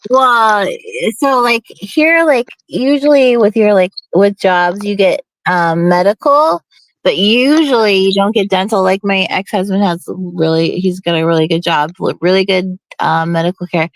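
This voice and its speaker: A woman co-hosts a live stream, talking emphatically and restarting her sentences. Her voice has a middle pitch and sounds dry and close. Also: measured pace, dry recording, rough recording. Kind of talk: casual chat.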